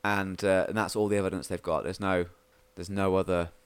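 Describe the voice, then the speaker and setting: A man running a tabletop game as game master, narrating scenes with halting restarts and frequent laughter. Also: low voice, little pitch movement, clear, resonant tone, dry recording.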